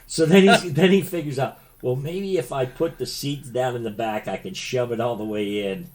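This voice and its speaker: A man's voice: medium pitch, normal speed, background noise. An older man co-hosting a podcast, telling rambling stories in casual chat with crude jokes and frequent laughter. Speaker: podcast co-host.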